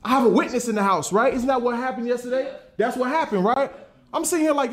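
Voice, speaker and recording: A man's voice: sits high, quick pace. A man preaching a sermon in a conversational way, asking his listeners questions and telling them to write things down. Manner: animated, conversational, asks the audience questions. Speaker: pastor.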